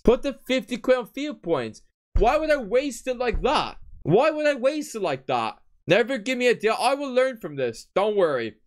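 In a high voice, a young gaming streamer plays a football game live and talks to his chat, swearing and repeating himself in theatrical despair.

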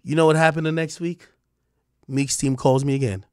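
A man in his thirties ranting on a stream, animated, profane and mocking. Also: a little high, moderate pace, smooth, dry recording, clean studio sound. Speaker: streamer commentator. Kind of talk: ranting commentary.

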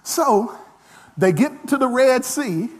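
A man preaching a lively sermon as pastor, self-deprecating, with frequent call-and-response asides. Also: very high voice, takes it slowly.

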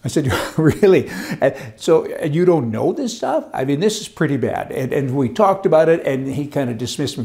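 A man's voice: a little high, lively intonation, fairly quick, gravelly, warm tone. An older man, a commentary host, talking in a rambling, folksy monologue with chuckling asides.

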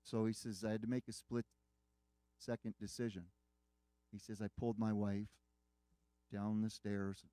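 Guy preaching, earnest storytelling, mellow voice, dry close sound. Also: lowish voice, level tone, a little slow, long pauses, no echo. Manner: earnest, retelling a story with quoted dialogue. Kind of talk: sermon storytelling.

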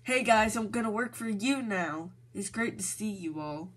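A woman's voice: mid-range voice, expressive, normal speed, fairly bright tone, husky, voice pushed up. A woman voicing a talking train engine, reading its lines aloud as a demonstration for someone else to perform. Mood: excited. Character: a talking train engine, cheerful about new work.

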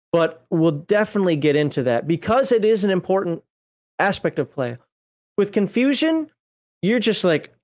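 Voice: mid-range voice, darkish tone. Casual GM on a livestream: loose, rambling, corrects themself mid-sentence, tosses in wry jokes. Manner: rambling, self-correcting, conversational; folksy, jokey asides. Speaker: game master explaining rules. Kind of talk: casual livestream rules walkthrough.

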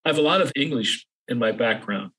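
An older man, an author guest, talking in a relaxed interview with frequent pauses and a self-deprecating humor. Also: mid-range voice, breathy edge, rough recording. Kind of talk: casual interview chat.

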